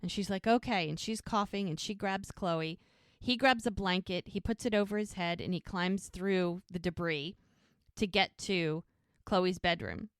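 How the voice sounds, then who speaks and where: A woman co-hosting a podcast, casually retelling scenes of a TV episode in an animated way and acting out the characters' lines. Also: on the low side, unhurried, clear, resonant tone, no echo, clean studio sound. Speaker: podcast co-host recapping a TV show. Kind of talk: casual recap storytelling.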